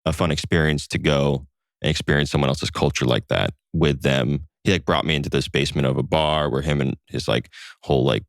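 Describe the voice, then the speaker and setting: Very deep-voiced man telling stories. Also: brisk, gravelly, no echo, studio quality. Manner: relaxed storyteller with frequent fillers. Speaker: podcast guest, co-founder of a satire site. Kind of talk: casual conversation.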